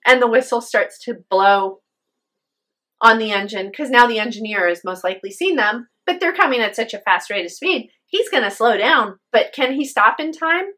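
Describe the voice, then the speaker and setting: A woman's voice: on the high side, animated, moderate pace, sharp tone. A woman telling a spoken ghost story with drama, acting out the voices of her characters.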